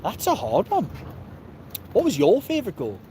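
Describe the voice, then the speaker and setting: A man's voice: high-pitched, wildly swooping pitch, normal speed, dark tone, slight background noise. Chatty Geordie man streaming outside. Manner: chatty, jokey, laughs often, reads out viewer comments. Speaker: football channel host reading live comments. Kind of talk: casual live-stream chat.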